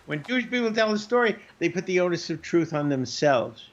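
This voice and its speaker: A man's voice: on the high side, fast talker, few pauses, highs cut off. A man, a comedian guest, telling comic stories over a video call, timing his punchlines and mimicking his relatives playfully. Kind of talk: comic storytelling.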